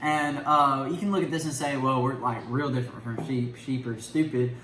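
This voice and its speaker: Teen boy, bright forceful voice, hesitant with fillers, in an echoey room with faint ambience. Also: medium pitch, fairly even intonation, moderate pace. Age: teenager. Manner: hesitant, many ums and likes. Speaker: son sharing his takeaway. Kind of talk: casual family discussion.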